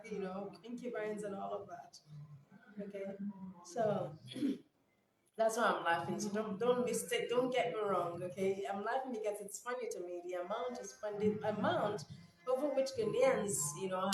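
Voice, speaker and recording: A woman from Nigeria giving casual vlog commentary, animated and incredulous, laughing often. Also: mid-range voice, background noise. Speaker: news commentator. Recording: echoey room with background music.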